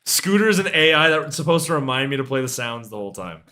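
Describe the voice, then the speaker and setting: A man's voice: medium pitch, sing-song, fast talker, bright, forceful tone. A young man streaming music reviews in casual chat, laid-back, swearing freely and trailing off with shrugging asides.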